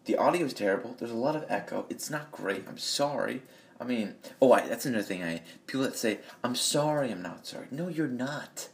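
A man's voice: mid-range voice, lively intonation, fairly quick, creaky. Blunt profane man ranting into a phone. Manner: blunt, profane, rambling rant. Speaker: vlogger. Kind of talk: ranting monologue. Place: echoey room.

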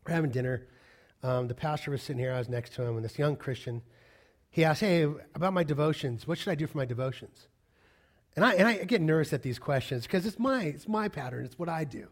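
Man preaching with hushed and raised turns. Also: on the high side, animated, quick pace. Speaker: pastor. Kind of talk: sermon.

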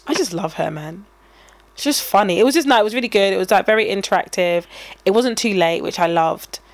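A woman's voice: mid-range voice, fairly quick, no room sound. A woman, co-hosting a podcast in casual chat, telling stories animatedly and acting out what people said. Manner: animated storytelling, acting out quoted dialogue. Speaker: podcast co-host and teacher.

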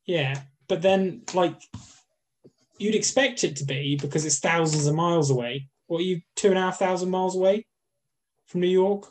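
Male co-host, slightly high voice, casual and sweary. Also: normal speed. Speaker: podcast co-host. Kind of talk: casual chat.

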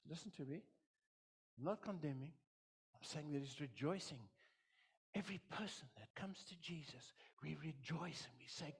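A middle-aged man preaches a sermon as a pastor in a fairly high, husky voice. His impassioned, repetitive delivery swells and drops, and he uses dramatic voices when quoting others.

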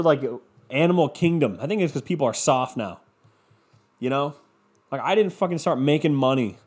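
A man's voice: mid-range voice, fairly quick, darkish tone, slightly rough. A man ranting in a sarcastic, profane, rambling comedic monologue as a podcast host. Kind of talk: comedic rant.

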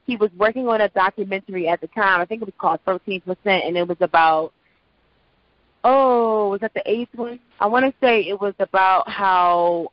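A woman in her thirties with a low voice for a woman, a lively guest telling her story in a casual interview. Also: no echo. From Prince George's County, Maryland, US. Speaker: actress and voice-over artist, guest. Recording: dull lo-fi audio.

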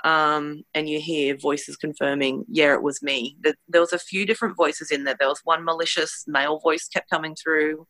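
A woman recounts a personal experience in an earnest, hesitant way, pausing often to find her words. Her voice is bright and forward. The sound is dry and close, with no room around it. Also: low voice, steady tone, dry recording. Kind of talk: personal storytelling.

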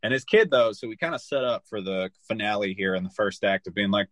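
A man hosting a podcast, recapping a film in loose, animated casual chat full of "like" and the odd swear word. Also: on the low side, brisk, few pauses, no echo. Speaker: podcast host.

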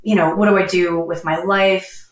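A woman's voice: lowish voice, steady tone, moderate pace. Chatty woman on a distant, roomy mic. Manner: chatty, laughs often, many fillers. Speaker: psychologist guest. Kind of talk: casual podcast chat.

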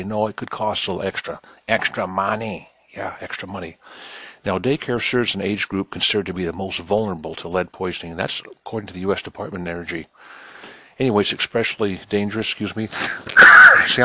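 A man's voice: low-pitched, a little fast, bright, forceful tone, a little hiss or hum. A man giving a sarcastic news commentary, reading reports aloud and mocking them while talking straight to his listeners in a folksy way. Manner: cynical, reads news aloud and mocks it; addresses listeners directly, folksy.

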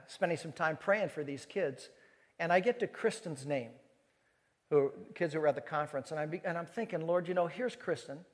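Animated male preacher in a reverberant hall. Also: on the high side. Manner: animated storyteller who acts out dialogue. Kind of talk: sermon storytelling to a live audience. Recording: long reverb of a large hall.

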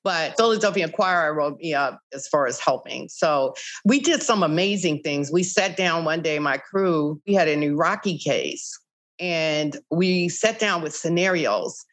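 A woman's voice: deep voice, measured pace. An older woman, founder of a child-recovery group, telling stories in an interview and acting out old conversations with many "you know" asides. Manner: animated, acts out past conversations. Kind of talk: interview storytelling.

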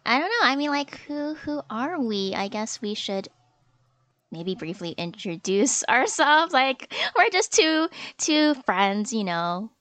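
A young woman with a high, girlish voice talks fast and giggles a lot in casual podcast chat. She sounds a little self-conscious. The recording is close and dry, with no room echo. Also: very animated, fairly bright tone. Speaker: podcast co-host.

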